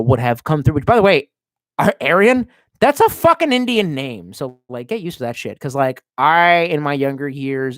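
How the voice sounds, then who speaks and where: A man rambles through a casual stream, swearing freely and sounding a bit tipsy. His pitch swings all over the place. The room sound is dry and close. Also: no room sound. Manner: profane, rambling, sardonic. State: drinking, tipsy. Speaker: livestream host reading chat.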